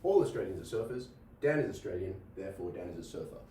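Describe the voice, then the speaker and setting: A man's voice: sits low, animated, fast talker, dark tone, slight background noise. A man giving a logic lecture in a classroom, often restarting phrases and checking in with "right?". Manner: repeats himself, checks in with "right?". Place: classroom with a board. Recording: echoey room, mic at a distance.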